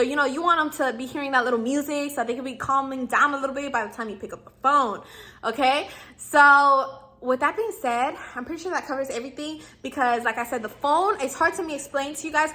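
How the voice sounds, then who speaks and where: This casual advice vlog features a young woman in her twenties, a YouTuber giving customer service tips straight to camera. Her voice is high, bright and sharp; she's slangy and chatty, often slipping into brief impressions of clerks and customers.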